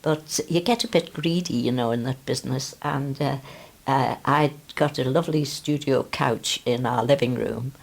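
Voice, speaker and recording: An older woman recalling running a boarding house in an oral-history interview, in a soft, chatty manner. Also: extremely low pitch, normal speed, vocal fry. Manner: soft chatty telling with "you know". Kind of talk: archive oral-history recollection.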